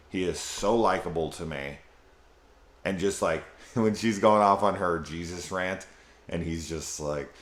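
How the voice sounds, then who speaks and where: Guy with a really low voice rambling through a movie review, swears a lot, sounds echoey. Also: a bit bright. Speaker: film reviewer. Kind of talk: casual spoiler review. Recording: echoey room.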